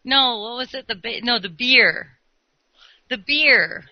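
A woman's voice: on the high side, takes it slowly, dry recording. A woman in a casual group chat, giggling and groping for words. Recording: dull lo-fi dry audio.

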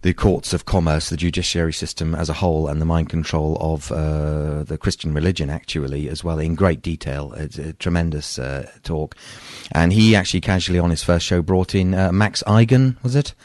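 A man hosting a casual talk show, speaking in a halting, rambling way with many pauses. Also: a bass voice, steady tone, darkish tone, no room sound. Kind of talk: casual radio talk chat.

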